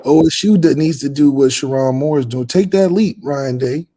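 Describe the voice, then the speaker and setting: A man's voice: on the high side, normal speed, dark tone. A man co-hosting a sports podcast in casual chat, earnest and piling up restarts. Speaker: podcast co-host.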